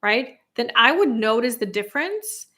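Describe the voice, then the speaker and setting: A woman's voice: fairly high pitch, big pitch swings, moderate pace, bright, forceful tone. Chatty woman answering livestream questions. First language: non-native English speaker. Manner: chatty, laughs often, answers viewers directly. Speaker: content creator answering live chat questions. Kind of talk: casual livestream Q&A.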